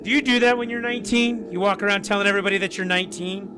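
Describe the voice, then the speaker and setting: A man in his forties streams from home, his voice scratchy and raspy from a lingering illness. He sits fairly high for a man and wanders from topic to topic in loose, chatty asides to viewers. Game music runs clearly underneath him. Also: steady tone, racing. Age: 40s. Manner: rambling, chatty, talks to viewers and family mid-stream. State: hoarse, scratchy voice after being sick. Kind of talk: casual live-stream chat.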